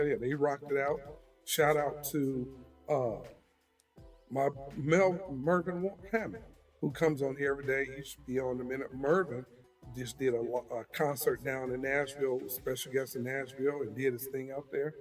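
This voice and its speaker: A man co-hosts a casual morning livestream from a video call. His talk is relaxed and chatty, easygoing in a mid-range voice. Faint music plays softly behind him. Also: mid-range voice, moderate pace. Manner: relaxed, chatty, gives shout-outs. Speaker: co-host.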